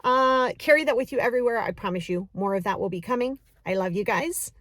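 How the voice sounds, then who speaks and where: A woman coaching a breathing exercise in a casual, encouraging, chatty way, counting slowly. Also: a little high, fairly bright tone, no room sound. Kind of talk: casual guided breathing lesson.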